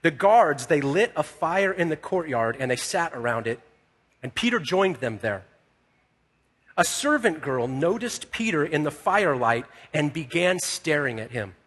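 A man's voice: a little high, sing-song, measured pace, fairly bright tone, slightly rough. A man preaching a sermon as a pastor, telling the story in a conversational way and acting out the dialogue. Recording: echoey hall with long reverb.

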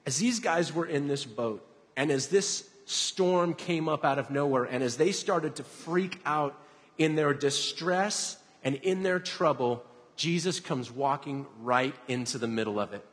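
Man preaching softly in a reverberant hall. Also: on the high side, expressive, unhurried. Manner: soft, reflective, builds to dramatic emphasis. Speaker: pastor. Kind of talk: sermon.

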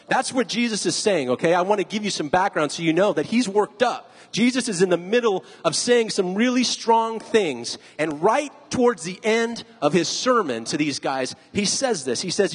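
A man preaching in a relaxed, talky way, voice a little husky and higher than most. He throws questions out to the room. The sound rings with a long hall reverb. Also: moderate pace. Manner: conversational, asks the audience questions. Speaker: pastor. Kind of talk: sermon.

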